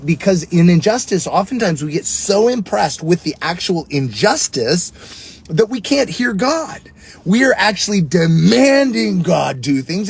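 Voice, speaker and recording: A man's voice: creaky, breathy edge. A middle-aged man teaching earnestly on prayer, preaching in a conversational way and telling personal stories. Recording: steady rumbling background noise.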